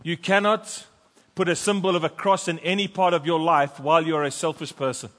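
A pastor preaching a sermon and reading scripture aloud with fervent emphasis in a church. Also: male voice, a little high, fairly even intonation, a little fast, a bit bright. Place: church sanctuary. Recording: long church reverb.

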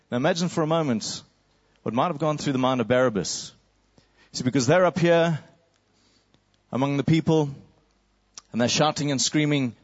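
Dramatic storytelling preacher, lo-fi. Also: male voice, mid-range voice, fairly quick. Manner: vivid storytelling, acting out crowd cries and whispers.

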